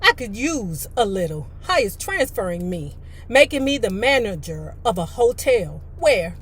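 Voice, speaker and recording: A woman's voice: a little high, sing-song, unhurried. A woman reading a memoir aloud, breaking in with chatty, blunt asides and mild cursing. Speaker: storyteller.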